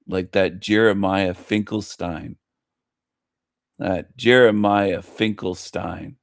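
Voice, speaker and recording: A man's voice: on the low side, takes it slowly, creaky, pauses often, no echo, studio quality. A man hosting a casual livestream, repeating phrases in a gleeful, mocking way. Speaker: livestream host.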